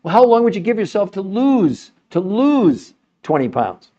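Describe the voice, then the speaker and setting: An older man with a fairly high voice leads a live stream for his viewers, pushing hard on every point and leaping up in pitch to stress a word. The audio sounds dull and lo-fi, like a muffled stream feed. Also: very animated, a little slow, hardly any pauses, mellow. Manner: emphatic, salesy, pitch jumps high for emphasis. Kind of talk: live-stream talk to a chat audience.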